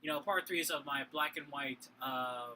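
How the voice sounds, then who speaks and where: A man's voice: a little high, moderate pace, pushed and bright, slight background noise, rough recording. A tipsy man with a Boston accent co-hosting a casual sports talk show, rambling with many fillers and restarts. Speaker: podcast co-host.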